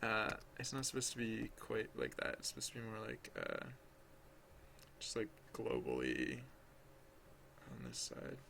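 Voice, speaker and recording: A man's voice: on the low side, big pitch swings, unhurried, gravelly, pauses often, bright, forceful tone, slight background noise. A man thinking aloud as he draws on a livestream, rambling and hesitant, full of restarts, chatting with viewers. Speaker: livestreaming digital artist.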